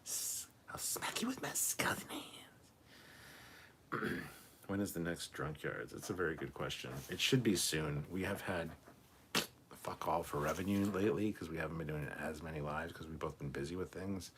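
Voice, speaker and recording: Very deep-voiced man reading live chat. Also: brisk, a little hiss or hum. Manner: swearing, rambling, reads viewer comments aloud. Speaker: livestream co-host reading chat. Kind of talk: casual livestream chat.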